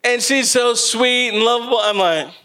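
A man preaching a sermon as pastor, telling lively stories with laughter and then slowing into earnest exhortation. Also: very high-pitched, clear, resonant tone.

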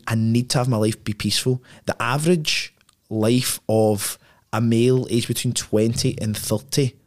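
Man, podcast guest, blunt, profane, emphatic, tag questions, restarts, medium pitch. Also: darkish tone. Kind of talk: casual conversation.

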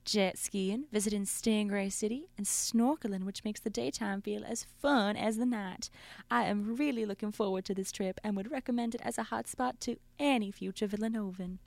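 A woman's voice: mid-range voice, normal speed, vocal fry, darkish tone, no room sound, voice pushed up, close to an everyday voice. A woman reading aloud in a put-on aristocratic Southern belle voice. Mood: prim.

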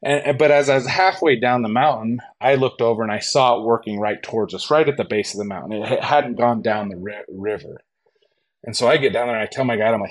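A man telling a hunting story as a podcast guest, animated and acting out the lines of others. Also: medium pitch, fast talker. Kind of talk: storytelling in a casual interview.

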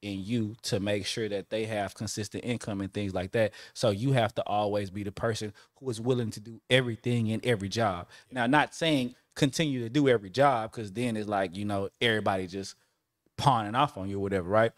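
A man's voice: fairly low pitch, steady tone, a little fast, dry recording, clean studio sound. A man co-hosting a casual podcast chat, laid-back and slangy, laughing often. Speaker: podcast co-host.

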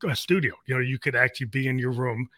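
A man's voice: mid-range voice, fairly even intonation, fast, bright, forceful tone, dry recording, clean studio sound. A man talking casually and reflectively about music, rambling with many "you know"s. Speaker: graphic novel artist and musician. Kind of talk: casual interview chat.

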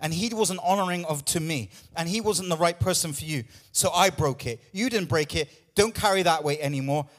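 A man's voice: fairly high pitch, normal speed, hardly any pauses, fairly bright tone. A man pastor preaching a sermon with emphatic, repetitive lines, out of breath at times.

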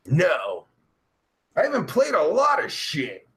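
A man's voice: on the high side, huge pitch swings, takes it slowly, a bit bright. A young man hosting a live stream, reading out chat and answering in a rambling, profane, sarcastic way with groans and sighs.

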